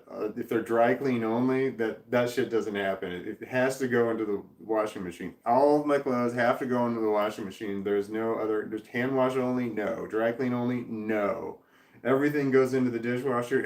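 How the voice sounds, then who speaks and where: A man's voice: medium pitch, reverberant. A middle-aged man chatting casually on his channel, rambling with restarts and blunt swearing as he reads and answers viewer comments. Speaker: vlogger reading viewer comments. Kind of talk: casual rambling livestream chat.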